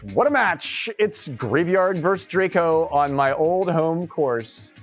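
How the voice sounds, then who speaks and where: A man streaming an online golf game live, commenting excitedly, laughing often, swearing and scolding himself over his shots. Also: a little high, soft background music. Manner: excitable, swearing, quick to laugh and self-critical.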